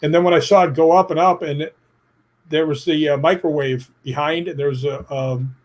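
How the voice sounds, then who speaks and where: A man's voice: on the high side, brisk. A middle-aged man being interviewed, telling stories in a plainspoken, emphatic way and acting out what people said. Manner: animated storyteller who acts out quotes; emphatic, plainspoken, casual swearing. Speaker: guest. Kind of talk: interview storytelling.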